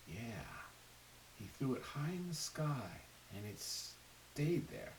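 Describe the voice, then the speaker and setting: A man's voice: on the high side, normal speed. A man reading a picture book aloud to children, stopping to ask his listeners questions. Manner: animated, asks the listeners questions. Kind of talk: read-aloud storytelling. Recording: faint hiss, a little distant from mic.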